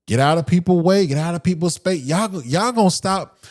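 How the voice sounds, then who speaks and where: A man's voice: high voice, lively intonation, moderate pace, a little mellow. A man hosting a solo podcast, ranting with profanity and mocking quoted voices. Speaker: podcast host.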